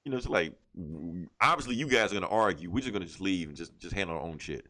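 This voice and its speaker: A man with a fairly low voice retells a comic book story, full of energy. He slips in and out of the characters' lines and swears freely as he goes, in a loose, casual podcast chat. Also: fast. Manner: animated retelling, acting out characters' lines, heavy cursing. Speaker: podcast co-host.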